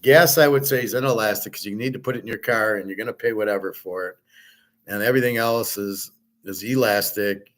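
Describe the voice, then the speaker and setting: A man's voice: lowish voice, fairly quick, a bit bright. A man hosting his own show, giving a blunt, rambling commentary monologue with frequent swearing and filler words. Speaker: host.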